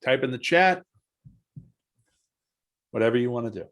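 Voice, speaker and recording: A male instructor teaching a live online class at a middle pitch. He talks in a loose, chatty way, narrating every click and tossing questions to his students. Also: expressive, normal speed, fairly bright tone. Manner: chatty, asks the class questions, walks through steps aloud. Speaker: software trainer. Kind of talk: live online training session.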